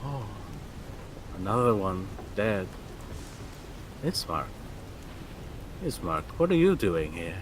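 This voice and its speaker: A man's voice: deep voice, very animated, slow, pauses often, background noise, heavily acted. A man voicing a grief-stricken old village priest who seems distracted and keeps repeating himself. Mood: mournful.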